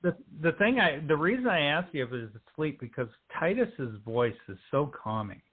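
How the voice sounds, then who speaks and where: A man on a poetry show, chatting in a quick, chatty way and reading poems aloud. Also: fairly high pitch, animated, slightly rough. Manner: chatty, quick, laughs between remarks. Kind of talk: casual chat and poetry reading. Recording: tinny phone line.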